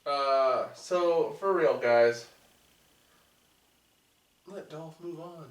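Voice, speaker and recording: A man's voice: on the high side, extremely slow. A man co-hosting a podcast, chiming in casually with dry, joking asides. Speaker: podcast co-host. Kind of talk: casual wrestling chat. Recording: roomy, distant mic.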